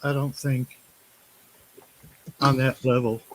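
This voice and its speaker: A man in casual chat, speaking haltingly and hesitantly. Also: mid-range voice, little pitch movement, rough recording.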